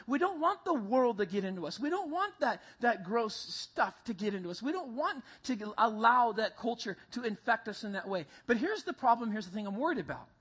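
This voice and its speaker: Husky-voiced preacher, emphatic and repetitive. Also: medium pitch, a bit bright. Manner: emphatic, repeats key lines, addresses audience as guys. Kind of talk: sermon.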